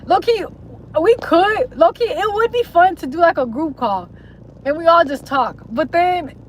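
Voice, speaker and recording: A young woman with an extremely high, animated voice chats unhurriedly to her livestream viewers, rambling with slang, heavy swearing, and mocking voices. The audio is poor, carrying a little hiss or hum.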